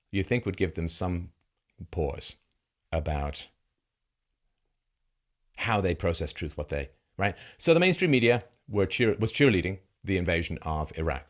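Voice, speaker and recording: A man delivering a political commentary monologue, mocking and sarcastic, firing off heated rhetorical questions. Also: sits low. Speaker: commentary host.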